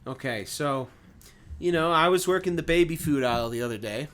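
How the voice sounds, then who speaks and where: A man's voice: fairly high pitch, brisk. A young man co-hosting a podcast, telling an anecdote in casual chat and acting out the people he quotes. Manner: animated anecdote teller, acts out quoted people. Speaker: podcast co-host.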